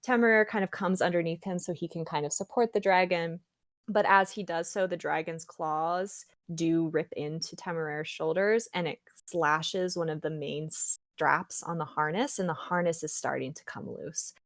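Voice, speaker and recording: Low-voiced woman, casual podcast co-host. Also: moderate pace, dry recording, studio quality. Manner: animated retelling with many fillers. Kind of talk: casual book discussion.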